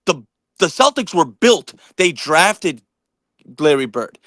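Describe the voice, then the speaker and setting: A man's voice: high-pitched, animated, unhurried, bright, forceful tone, no echo. A man co-hosting a basketball talk stream, answering the chat and stumbling over repeated words while making his case. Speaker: livestream co-host reading chat. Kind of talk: casual sports debate chat.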